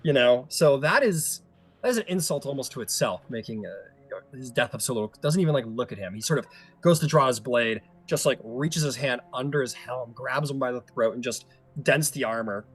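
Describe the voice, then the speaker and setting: A man's voice: mid-range voice, lively intonation, fairly quick, husky. A man narrating a tabletop game as game master, casual and hesitant with many fillers.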